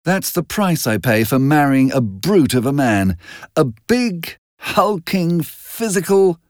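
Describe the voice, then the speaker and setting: A flighty young society woman in a storybook reading, her voice lifted high and gushing, as a male narrator puts her on. The delivery is slow and swoops up and down, close and dry. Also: big pitch swings, a little mellow, no room sound. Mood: plaintive.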